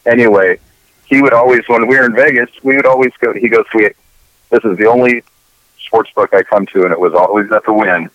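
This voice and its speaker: A man's voice: lowish voice, fairly even intonation, fast talker, a bit bright, no room sound, lo-fi sound. A man co-hosting a casual talk show, rambling and opinionated with lots of profanity. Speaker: podcast co-host. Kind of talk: casual chat.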